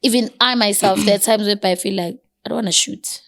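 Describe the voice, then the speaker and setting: A woman's voice: medium pitch, a little fast, fairly bright tone. A woman with a South African accent hosting a podcast, asking questions in an encouraging, casual way and mixing in Zulu phrases. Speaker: podcast host. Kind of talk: casual interview.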